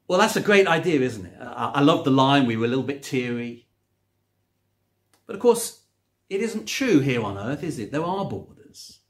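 A man's voice: medium pitch, sing-song, normal speed. A man preaching a sermon from home, emphatic and rising on key words, with conversational asides. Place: at home, recorded during lockdown.

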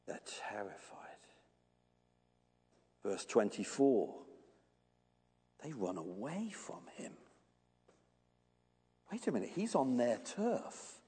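A man preaching a sermon, telling lively stories and putting questions to the congregation. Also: on the high side, husky, in a large hall. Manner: animated storytelling, asks the congregation questions. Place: church.

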